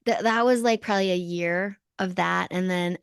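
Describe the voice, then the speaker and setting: A lively woman from Canada in her thirties tells stories and laughs often, in casual conversation. Her voice sits a little low for a woman. The sound is dry and close, with no room around it. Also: moderate pace, vocal fry, clean tone, no echo. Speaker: podcast guest, former Olympic snowboarder.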